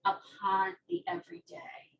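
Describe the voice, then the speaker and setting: A woman's voice: very high-pitched, animated, unhurried, vocal fry, dull audio. A woman moderating a panel and introducing her course, talking conversationally with frequent ums. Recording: distant mic with faint noise.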